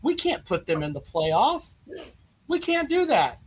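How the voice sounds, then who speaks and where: Mock-polite taunting male host, very high. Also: sing-song, measured pace, breathy edge, low-quality recording. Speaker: sports talk host. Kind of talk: call-in radio banter.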